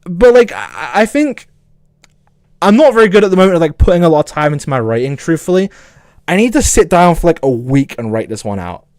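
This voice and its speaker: A man with a Southern English accent, streaming and ranting casually, swearing, angry and excitable, with a stutter. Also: on the high side, fairly quick, no echo. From south of England. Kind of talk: casual livestream rant.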